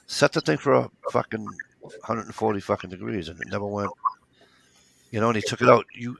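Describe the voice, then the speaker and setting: A man's voice: on the low side, creaky, a bit bright. A man in casual chat who tells rambling stories and swears freely.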